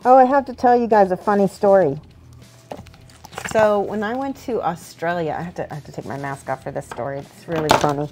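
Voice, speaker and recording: A woman's voice: on the low side, a little fast, darkish tone, slight background noise. Chatty laughing woman thinking aloud. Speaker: livestream host painting models. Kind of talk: casual chat while working.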